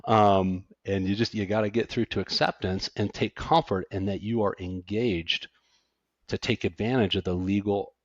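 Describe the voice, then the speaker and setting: A man's voice: fairly low pitch, normal speed, no room sound, lo-fi sound. A middle-aged man, an accountant and podcast guest, talking casually and animatedly, with frequent restarts. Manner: animated, self-deprecating, stammers on restarts.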